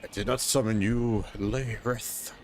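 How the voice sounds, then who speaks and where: A man voicing a menacing dark lord, speaking slow, low and commanding while reading game dialogue. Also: steady tone, a little hiss or hum. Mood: cold.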